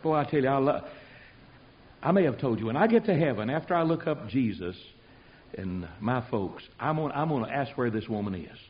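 A man preaching an animated sermon, telling the story in a folksy way and swinging from loud to hushed. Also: medium pitch, fairly quick. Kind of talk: animated sermon with acted-out voices. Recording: dull lo-fi sermon recording.

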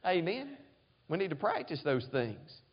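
A high-pitched man preaching a sermon as pastor, pressing his points and calling out to the congregation for an amen. The sound is dull and lo-fi, like an older church recording. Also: big pitch swings, unhurried, slightly rough. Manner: preaching, frequent call-and-response "amen?".

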